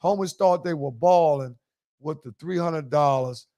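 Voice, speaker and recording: A man's voice: fairly high pitch, measured pace, warm tone. A man hosting a podcast in a casual chat, telling loose, profane stories and acting out quotes. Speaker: podcast host.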